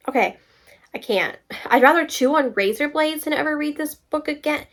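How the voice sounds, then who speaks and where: A young woman book vlogger reading reviews aloud and talking back to them in an animated, exasperated way. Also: sits high, moderate pace. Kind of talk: casual reaction vlog, reading reviews aloud.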